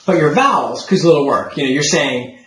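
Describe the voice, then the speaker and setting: A man's voice: on the high side, animated, fast, a bit bright, reverberant, rough recording. Encouraging young male voice teacher. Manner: patient, encouraging, demonstrates vowels by example. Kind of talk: one-on-one singing lesson.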